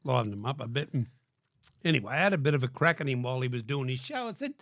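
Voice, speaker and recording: Talking very fast in a medium-pitched, fairly bright voice, an older Australian guest spins profane, blunt stories in a casual interview and acts out people's quotes. The clean studio sound has no echo.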